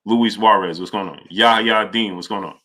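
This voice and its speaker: Bright-voiced New livestream host. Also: male voice, on the low side, fairly even intonation, moderate pace. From New York. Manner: greets viewers by name, reads super chats aloud. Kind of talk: casual livestream chat.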